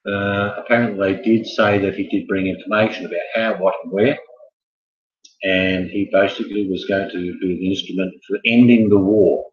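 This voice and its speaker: Low-voiced joking quiz host man. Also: fairly even intonation, moderate pace. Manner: jokey, chatty, wanders into asides. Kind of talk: casual live quiz hosting. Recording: echoey, muffled room sound.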